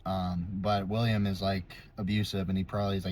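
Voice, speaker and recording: A young man talks through a long story off the top of his head, correcting himself as he goes and filling pauses with ums. His voice sits on the low side. A faint steady hum runs underneath. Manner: rambling, self-correcting, lots of ums. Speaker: video creator. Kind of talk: unscripted explainer from memory.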